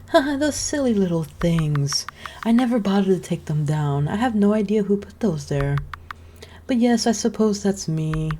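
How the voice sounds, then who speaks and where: A woman doing a soft, lonely motherly witch. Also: mid-range voice, animated, a little hiss or hum, voice pushed up, natural voice. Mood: sweet. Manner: soft, slow and sweetly coaxing. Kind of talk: reading game dialogue aloud.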